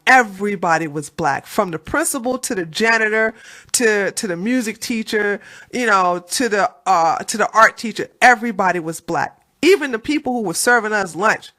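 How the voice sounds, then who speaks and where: A woman's voice: medium pitch, sharp tone. A woman from Washington, D.C., hosting a commentary video and talking in a blunt, taunting, scornful way. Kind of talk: mocking political commentary.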